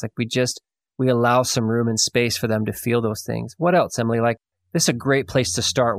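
A man's voice: mid-range voice, dry recording. Friendly male host, reflective and affirming, dry sound. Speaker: podcast host. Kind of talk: casual interview conversation.

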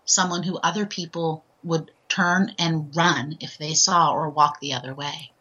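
A woman with a low voice that still comes across bright and forceful shares a heartfelt personal story as a podcast guest. Her tone is slightly husky, and she speaks earnestly, often pausing to ask "right?". The recording sounds dull and lo-fi. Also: fairly even intonation. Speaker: guest, author and transformational speaker.

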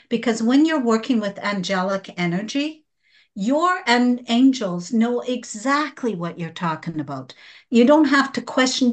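Woman, podcast guest, slightly high voice, unhurried, heartfelt delivery. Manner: slow, earnest and emotional. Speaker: guest practitioner. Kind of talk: spiritual podcast conversation.

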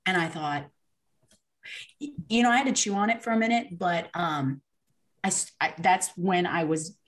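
A woman guest recounts her story in an animated, chatty way, with plenty of fillers and reenacted dialogue. Her voice sits notably low for a woman. She sounds relaxed and unscripted. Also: moderate pace. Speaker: podcast guest. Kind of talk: casual storytelling testimony.

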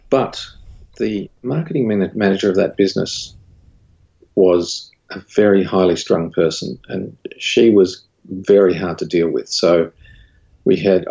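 An Australian studio owner and creative director, a guest in a casual interview, tells a candid story. His voice is creaky and slightly rough, the audio dull, and his pitch rises animatedly when he recounts dialogue.

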